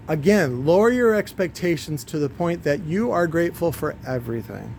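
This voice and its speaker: Man, shop owner, rambling one-take vlog, cursing, slightly high voice, light background noise. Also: lively intonation, normal speed, vocal fry, few pauses, a little mellow. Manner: rambling, ranting, swears freely. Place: his shop.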